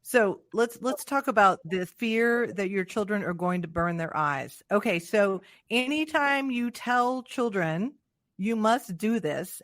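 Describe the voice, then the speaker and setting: A woman's voice: medium pitch, no room sound, clean studio sound. A woman in her forties hosting a podcast, talking in a chatty, joking way with self-deprecating asides. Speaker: podcast host. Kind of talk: casual podcast chat.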